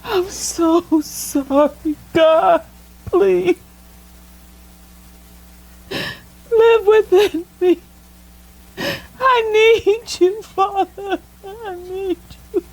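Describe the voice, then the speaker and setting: A woman crying as she prays for forgiveness, pleading in a high, broken voice over soft music. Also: drawn-out words, low-quality recording. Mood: sobbing, pleading. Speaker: woman receiving prayer. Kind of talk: tearful repentance prayer.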